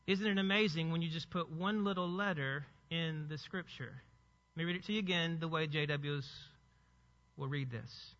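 A man preaching a sermon as pastor, explaining a point with emphatic stresses and sudden low asides. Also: normal speed. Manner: emphatic teaching, swinging between loud stresses and low asides. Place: church sanctuary. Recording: long hall reverb, dull sound.

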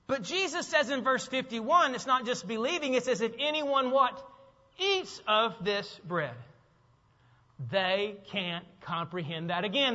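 Animated high-voiced male preacher in a hall. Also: a little slow, dull audio. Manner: animated preaching, acts out voices and asks the congregation questions. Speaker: pastor. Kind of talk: sermon. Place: church sanctuary.

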